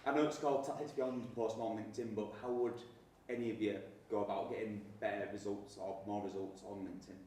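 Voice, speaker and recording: A man with a Yorkshire accent and a lowish voice moderates a panel. He puts his questions hesitantly, in a low-key way. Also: fairly even intonation, fast talker, a little mellow. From Yorkshire, England.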